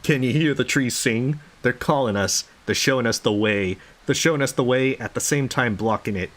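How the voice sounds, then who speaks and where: A man's voice: medium pitch, normal speed, fairly bright tone, close to an everyday voice. A man reading out the lines of an unhinged, sleepless male doctor in a game, rambling and swearing. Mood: muttering. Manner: rambling, swearing, paranoid muttering. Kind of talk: reading game dialogue aloud.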